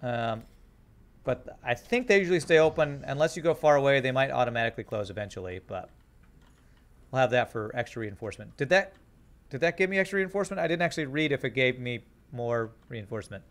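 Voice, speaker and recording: A man streaming a game, thinking out loud and chatting to his viewers in a casual way. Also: medium pitch, expressive, fast talker. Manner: thinks aloud, chats to viewers. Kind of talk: casual live-stream gameplay commentary.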